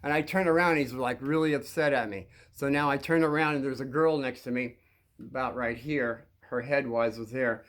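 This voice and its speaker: A man's voice: medium pitch, steady tone, moderate pace, fairly bright tone. A man telling a long story from his school days to young listeners, rambling with frequent restarts and repeated words.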